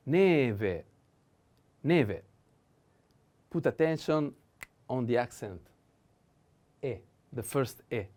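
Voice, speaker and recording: A man's voice: medium pitch, darkish tone. A man with an Italian accent teaching a whiteboard lesson, pronouncing each word several times and explaining in non-native English.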